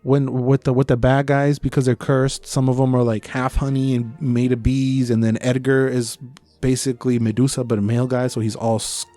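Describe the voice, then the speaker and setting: A man's voice: medium pitch, little pitch movement, moderate pace, few pauses, dark tone, soft background music. A man co-hosting a podcast, chatting casually about a movie. He swears, acts out his own reactions, and mixes Spanish slang into his English. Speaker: podcast co-host. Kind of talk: casual movie review chat.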